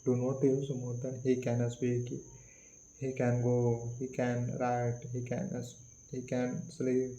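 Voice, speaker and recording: A man with an Indian English accent teaching English grammar, speaking slowly, repeating words and phrases, with many fillers. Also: mid-range voice, completely flat delivery, warm tone. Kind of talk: slow classroom explanation. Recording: echoey room.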